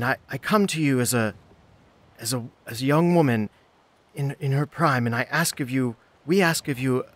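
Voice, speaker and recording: A man doing a pleading teenage girl, raised high. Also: close to an everyday voice. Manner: earnest, formal pleading. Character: pleading teen girl calling on spirits.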